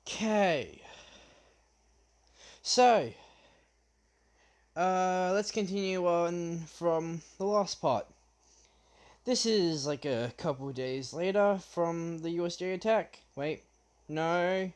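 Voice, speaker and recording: A young man retelling his fan story off the cuff, halting often with fillers and restarts. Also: sits high.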